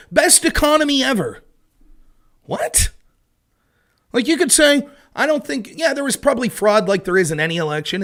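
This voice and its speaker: An animated, sarcastic man with a high voice hosts a political livestream. In his casual commentary, he mockingly imitates opponents and curses freely in exasperation.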